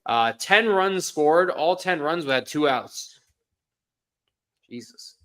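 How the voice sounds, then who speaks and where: Co-hosting a live baseball watch-along stream, a man chats casually, laughs often and voices strong opinions. He speaks slowly in a fairly high, expressive and sharp voice.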